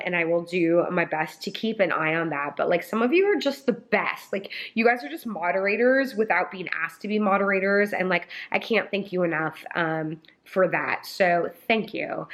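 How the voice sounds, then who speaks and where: A woman's voice: medium pitch, fairly bright tone. Emotional young woman vlogger, rambling. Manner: emotional, rambling, many fillers. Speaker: lifestyle vlogger and influencer. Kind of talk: casual apology vlog to camera. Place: indoors by a sunny window.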